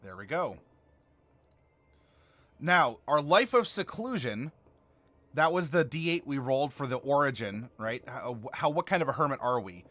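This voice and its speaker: A man's voice: mid-range voice, very animated, normal speed, pauses often, pushed and bright, dry recording. A man hosting a live stream, chatting casually and answering viewer comments while he builds a game character. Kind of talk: casual livestream chat.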